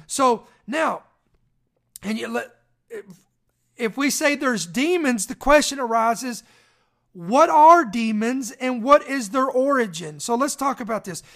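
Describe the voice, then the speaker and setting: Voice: medium pitch, fairly bright tone. A preacher reading out a news story and then teaching on it, in an emphatic style that calls out to listeners.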